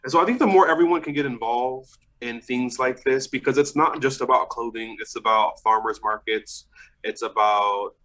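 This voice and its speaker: A man's voice: medium pitch, moderate pace, a bit bright, poor audio. A young man in a casual podcast interview, talking loosely about selling vintage clothes, swearing and laughing often. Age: young adult.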